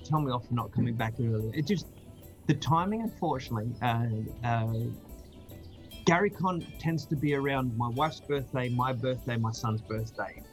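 A man's voice: mid-range voice, animated, normal speed, faint music behind, poor audio. A man from Australia with an Australian accent, chatting casually as a guest on a video call, laughing easily and restarting often. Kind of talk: casual chat.

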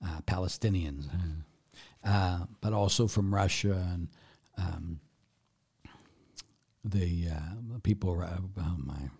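A man's voice: low-pitched, warm tone. A man, a priest answering viewer questions in a casual live Q&A, blunt and chatty with many fillers. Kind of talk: casual live Q&A, reading comments aloud.

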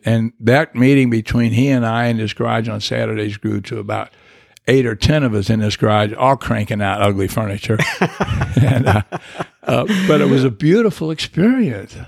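An older man with a deeply gravelly, husky voice, recorded close and dry. He rambles and reflects as he tells his story, with restarts and soft chuckles. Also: no room sound. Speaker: guest. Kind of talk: personal recovery story, conversational.

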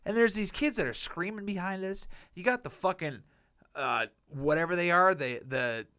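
A man's voice: high voice, moderate pace, bright, forceful tone, clear, resonant tone, no room sound, clean studio sound. A young man co-hosting a podcast, rambling through profane stories in casual chat. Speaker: podcast co-host.

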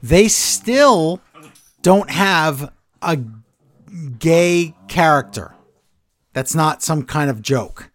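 Sarcastic podcast host recapping wrestling. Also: male voice, a little high, lively intonation, drawn-out words, long pauses. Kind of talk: casual wrestling recap chat.

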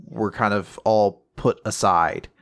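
A man's voice: fairly low pitch, slow pace. Young man rambling through a recap. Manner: rambling, animated storytelling with laughs. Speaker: podcast co-host. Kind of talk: casual chat recapping a manga chapter.

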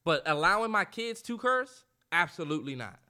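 A man in his twenties co-hosts a podcast in a high, sharp voice with big pitch swings and a moderate pace. His casual chat is full of profanity, and he acts out the voices of the people he quotes.

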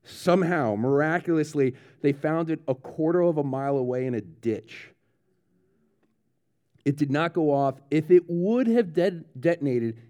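A man's voice: mid-range voice, dark tone. A man preaching a children's sermon in a church service, telling a true story with dramatic build-up and checking in with the kids. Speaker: pastor.

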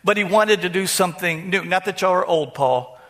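High, bright-voiced pastor preaching. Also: male voice, moderate pace. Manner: conversational preaching, repeats words, talks to the congregation. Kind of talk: sermon. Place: church.

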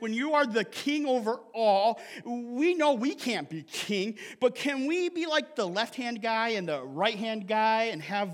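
A man's voice: high-pitched, pushed and bright. A male pastor preaching a casual, conversational sermon, often checking in with "right?" and laughing between points.

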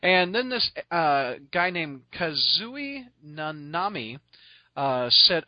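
A man hosting a podcast, telling stories in an excitable, rambling way full of restarts and laughs. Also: a little high, takes it slowly, dry recording, dull audio. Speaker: podcast host. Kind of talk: casual storytelling chat.

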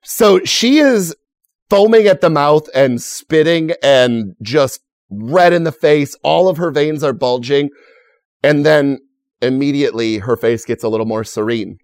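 A man's voice: on the high side, animated, unhurried, no room sound, studio quality. A man running a tabletop game as game master, narrating casually.

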